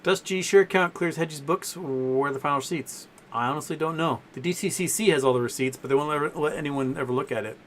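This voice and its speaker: A man's voice: fairly high pitch, fast talker, hardly any pauses, slight background noise. Rambling man hosting a casual livestream. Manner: rambling, with filler sounds and self-corrections; softens his voice to talk to his dogs. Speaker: livestream host answering viewer questions. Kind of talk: casual live-stream chat.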